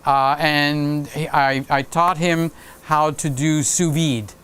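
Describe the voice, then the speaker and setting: A man's voice: a little high, steady tone, slow, fairly bright tone, clean tone. A man hosting his own livestream, chatting casually and rambling through anecdotes while laughing at his own stories. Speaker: livestream host.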